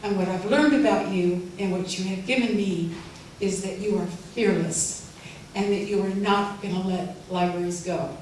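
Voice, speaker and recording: An older woman giving a heartfelt, gently humorous farewell speech at a library event. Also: medium pitch, fairly even intonation, normal speed. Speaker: farewell speaker. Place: event room. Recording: echoey hall from far off, faint noise.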